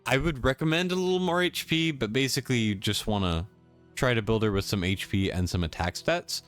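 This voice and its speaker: A man's voice: medium pitch, a little fast, fairly bright tone, soft background music. A young man giving casual, self-deprecating commentary over gameplay for a game guide, recorded as a voice-over on a desk mic. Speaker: gaming guide creator.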